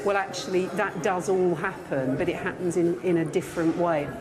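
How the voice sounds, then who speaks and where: Low-voiced woman from a school's staff. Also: fairly even intonation, moderate pace, a crowd in the background. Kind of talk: interview.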